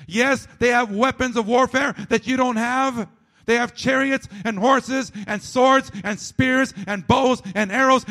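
A man preaching a sermon, emphatic and repetitive, dropping to a low, quiet delivery at times. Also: fairly even intonation, moderate pace.

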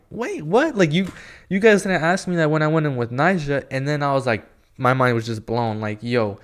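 Young man, casual storytelling, excited, rambling, smooth clear voice, mid pitch. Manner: excited, rambling, heavy use of "like" and "yo". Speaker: skateboarding fan telling a story.

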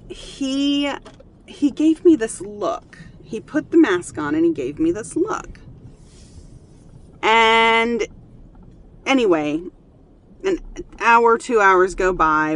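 A mother earnestly telling a personal family story in a casual, animated way, full of fillers. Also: mid-range voice.

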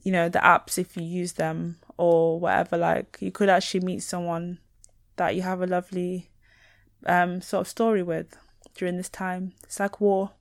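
A woman from northern England co-hosting a casual podcast chat over a video call from home, animated and full of put-on voices. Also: lowish voice, normal speed, dry recording, clean studio sound. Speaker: podcast co-host.

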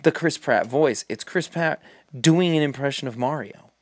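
A man's voice: medium pitch, normal speed, a little mellow, no room sound, clean studio sound. A man co-hosting a casual chat, ranting with sarcastic asides. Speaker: podcast co-host.

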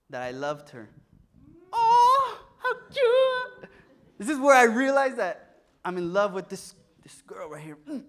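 Young male preacher, lively storyteller, voice on the higher side. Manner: animated storytelling, acting out voices. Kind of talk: sermon with personal story.

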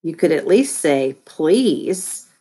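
A woman's voice: low voice, big pitch swings, slow pace, mellow, breathy edge, full character voice. A woman voicing a clever young boy who turns whiny and indignant, in a raised voice.

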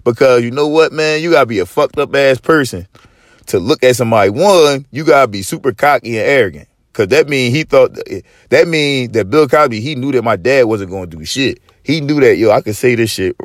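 A man in his thirties or forties hosts a podcast and spins a story in loose, profane talk, swaggering and animated. His voice sits at an ordinary middle pitch. It is recorded dry and close, with no room sound. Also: fairly quick, no echo. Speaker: podcast host. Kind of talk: casual storytelling chat.

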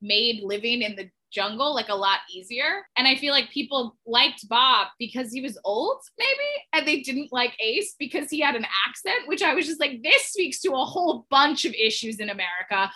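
A woman's voice: high voice, normal speed, hardly any pauses, poor audio. A young adult woman co-hosting a podcast, chatting casually and acting out her own reactions. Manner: animated, acts out reactions in quoted asides. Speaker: podcast co-host. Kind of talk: casual chat.

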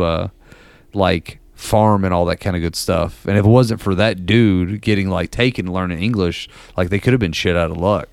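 On a laid-back podcast, a male co-host spins meandering, filler-heavy stories and laughs along the way. His voice sits on the low side, and the recording has no room sound.

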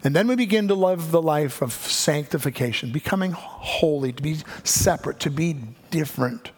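A man's voice: a little high, expressive, normal speed, slightly rough. A man preaching a sermon as pastor, swelling to emphatic peaks and acting out the voices of doubting listeners.

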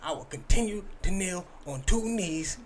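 A man's voice: high voice, animated, moderate pace, a little hiss or hum, voice pushed up. A man doing an impression of a solemn, preachy retired male football star, delivered like a sermon.

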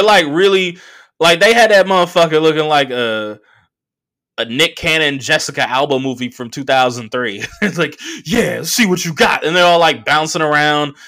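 Animated profane man hosting a podcast. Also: a little high. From San Francisco Bay Area. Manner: animated, profane storytelling with mocking voices and laughs. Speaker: podcast host. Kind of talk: casual solo podcast monologue, storytelling.

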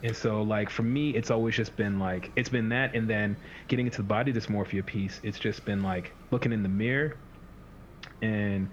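Rambling man coach, low voice, lo-fi. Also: fairly even intonation, normal speed. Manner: rambling, acts out clients' inner voices. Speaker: fitness coach. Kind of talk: casual podcast chat. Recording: dull lo-fi sound with faint hiss.

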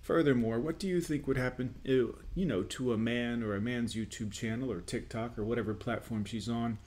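A man's voice: medium pitch, fairly even intonation, brisk, a little mellow. A man hosting a commentary show, reacting to clips in a lecturing, scornful way. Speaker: host.

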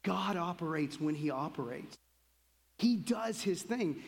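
A middle-aged man gives a sermon in an animated, chatty style with a fairly high voice. His words ring out with the long reverb of a big hall. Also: measured pace, gravelly. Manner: animated, conversational preaching with laughs and asides. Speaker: pastor.

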